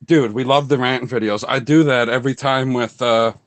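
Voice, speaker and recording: A man's voice: medium pitch, moderate pace, no echo. A man hosting a casual fan chat, telling stories with energy and acting out what others said. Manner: animated storyteller, acts out quotes in a raised voice. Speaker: host.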